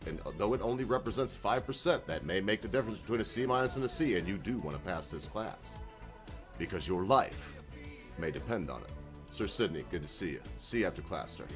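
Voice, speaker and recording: A man with a notably deep, low voice hosts his own video channel. He rambles in a folksy, unscripted way and breaks in with chuckling asides. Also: lively intonation, a little fast, soft background music. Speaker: channel host. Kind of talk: casual rambling video monologue.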